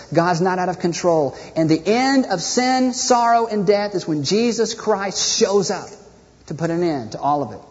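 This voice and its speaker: A man preaching a sermon as pastor, impassioned and rhetorical, acting out people's prayers. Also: sits high. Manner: impassioned, rhetorical, acts out prayers in mocking voices. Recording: dull echoey hall.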